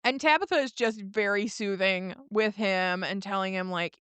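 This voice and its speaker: A woman co-hosting a podcast, retelling a show's scenes in a lively, laughing way. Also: mid-range voice, normal speed, smooth, no echo. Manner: animated retelling with laughs and quoted lines. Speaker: podcast co-host. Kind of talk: casual recap chat.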